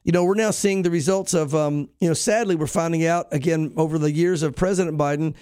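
High-voiced emphatic pastor, man. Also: steady tone, brisk, a little mellow, smooth, no room sound, clean studio sound. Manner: emphatic, preachy, with frequent restarts. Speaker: pastor and show host. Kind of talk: news reading and opinion commentary.

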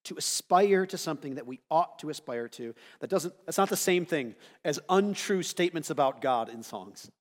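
A man from the United States preaching a sermon to his church, conversational and animated, with rhetorical asides. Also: fairly high pitch, moderate pace, few pauses, long reverb tail. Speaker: pastor.

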